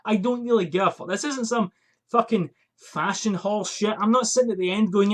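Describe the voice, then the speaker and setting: A man's voice: high voice, normal speed, a bit bright. A young man vlogging from a small attic room into a USB desk mic, ranting and swearing in exasperation before his fragrance review. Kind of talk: casual vlog rant. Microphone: USB desk microphone.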